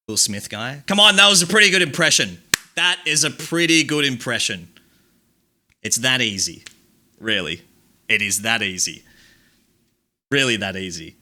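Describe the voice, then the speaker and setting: Bright, lively male streamer. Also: mid-range voice, normal speed, long pauses. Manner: reads out chat quotes and reacts with dry asides and laughs. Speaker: streamer hosting a chat-quote countdown. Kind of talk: casual live-stream commentary.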